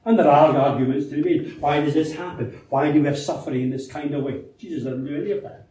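A man's voice: fairly high pitch, fast talker, mellow. Man preaching in an echoey church. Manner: conversational preaching with rhetorical questions and anecdotes. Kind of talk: sermon. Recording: very echoey church hall from a distance.

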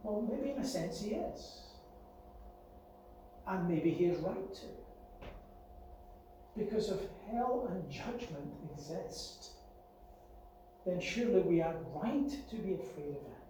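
A man's voice: sits high, animated, slow pace, pauses often, warm tone. A man preaching a sermon as pastor, earnest and at times rising to a raised, urgent warning. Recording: distant echoey church hall with faint hum.

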